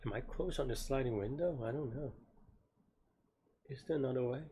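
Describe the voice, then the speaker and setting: Tired man thinking aloud, halting. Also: medium pitch, dark tone, slight background noise. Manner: halting, self-questioning, many restarts and trailing off. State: tired, yawning. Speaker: programmer solving a coding problem live. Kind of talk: thinking aloud while problem solving.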